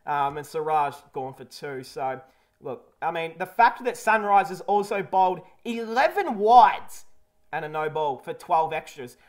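A man's voice: on the high side, expressive, measured pace. Candid jokey man reviewing cricket. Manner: candid and jokey, with blunt swearing. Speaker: cricket video host. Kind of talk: casual match review.

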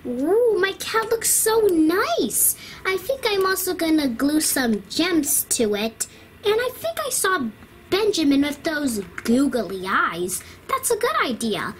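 A delighted little girl toddler , played by a woman chatters in a squeaky, very high voice. She talks slowly, giggling and meowing playfully, in a doll-play cartoon. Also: big pitch swings, a little hiss or hum, full character voice. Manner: giggly, coos and meows at her drawing.

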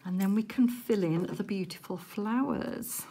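A woman chatting casually while she works on a diamond painting at home, with gentle, softly murmured asides. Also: medium pitch, a little slow, slight background noise. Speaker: crafting vlogger.

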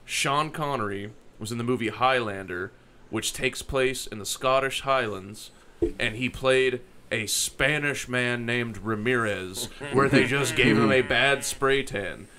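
A man's voice: medium pitch, unhurried. A man hosting a podcast, telling profane stories in casual chat and quoting people in put-on voices. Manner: profane, animated storytelling with quoted voices.

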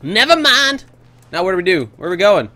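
A man giving excitable let's play commentary, whooping, joking and swearing as he plays. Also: high voice, very fast, no echo. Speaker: gamer.

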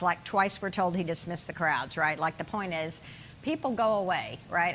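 A woman giving a sermon in a relaxed, conversational way, with informal asides. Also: on the low side, moderate pace, slight background noise, low-quality recording. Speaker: guest preacher.

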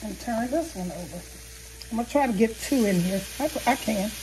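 Woman, home cook host, chatty and rambling, mellow higher voice. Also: expressive, a little fast, a little hiss or hum. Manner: rambling, self-correcting, homey and chatty. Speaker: home cooking channel host. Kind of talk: casual cooking demonstration. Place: home kitchen.

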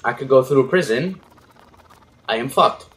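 A young man commentating a horror game as he plays, panicky and swearing, yelling at the enemies on screen. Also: mid-range voice, animated, normal speed. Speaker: gaming YouTuber.

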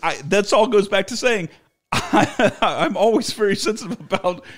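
A man's voice: high voice, moderate pace. A middle-aged man co-hosting a podcast, telling a story in casual chat and laughing often as he talks. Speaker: podcast co-host.

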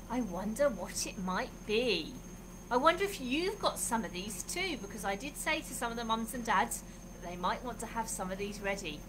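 A woman's voice: fairly high pitch, noisy background. A woman hosting a Bible club for children, talking in a friendly way and calling out sing-song greetings.

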